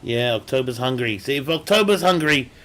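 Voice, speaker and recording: A man's voice: medium pitch, lively intonation, brisk, a bit bright. A young man chatting casually while streaming a game, rambling and joking with frequent laughter. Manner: rambling, jokey, laughs often. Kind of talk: casual chat while gaming.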